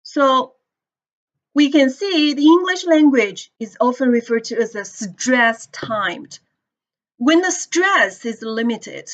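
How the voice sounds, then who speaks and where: A woman teaching English pronunciation to a class, explaining slowly and checking in with students as she goes. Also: on the high side, fairly bright tone, muffled recording. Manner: slow, deliberate explaining with questions to the class. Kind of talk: classroom lecture.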